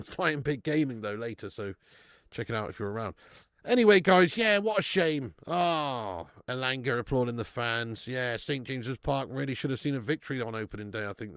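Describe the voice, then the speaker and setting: A man hosting a live football stream from home, chatting loosely and swearing freely as he thanks viewers by name. His voice sits at an ordinary middle pitch. The sound is close and dry, with no room echo. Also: brisk. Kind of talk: casual live watch-along chat.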